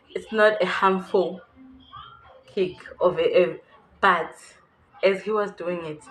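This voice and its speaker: A woman's voice: lowish voice, slight background noise, rough recording. A young South African woman with a South African accent, candidly telling a personal story to her viewers and laughing nervously at times. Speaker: YouTuber. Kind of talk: storytime vlog.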